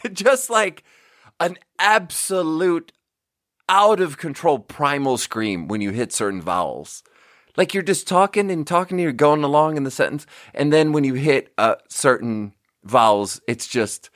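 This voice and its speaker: A man's voice: mid-range voice, no room sound, studio quality. A man hosting a podcast, rambling casually, swearing often and laughing at his own jokes. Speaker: podcast host. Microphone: close studio mic.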